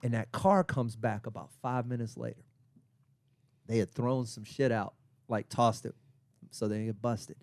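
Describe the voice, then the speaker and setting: A man, hosting a podcast and telling a profane story to friends with lively energy. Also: medium pitch, normal speed, long pauses, no echo. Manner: animated, profane, acts out quotes. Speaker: podcast host and stand-up comic. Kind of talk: casual storytelling among friends.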